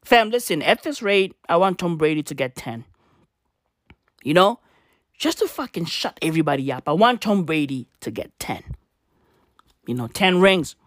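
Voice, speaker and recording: A man's voice: on the high side, sing-song, moderate pace, pauses often, a bit bright, no room sound, clean studio sound. A man ranting comedically and profanely, full of slang and repeated rhetorical questions. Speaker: vlogger. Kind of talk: comedic rant. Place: in South Africa.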